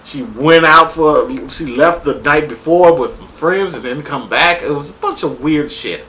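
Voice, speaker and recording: A man casually reviewing a reality show on his vlog, rambling and excitable and swearing freely. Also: a little high, a little slow.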